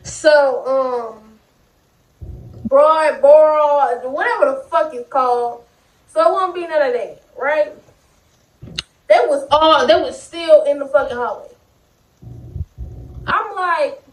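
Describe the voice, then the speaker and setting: A young woman vlogger telling a story in a casual, animated, profane and slangy way. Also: high-pitched, slow, pauses often, distant mic. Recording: echoey room, a little off-mic.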